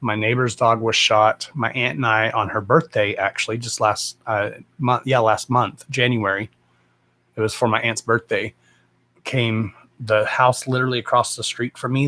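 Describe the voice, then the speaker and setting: A man's voice: mid-range voice, fairly even intonation, moderate pace, bright, forceful tone. A man hosting a livestream, talking in a blunt, rambling way and swearing freely. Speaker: psychic medium livestream host. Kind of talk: casual rambling live chat.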